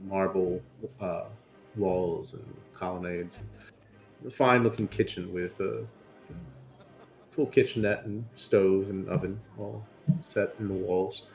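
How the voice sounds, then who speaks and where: A man's voice: deep voice, steady tone, unhurried, gravelly, pauses often, darkish tone, soft background music. A man narrating a tabletop game as game master in a loose, conversational way.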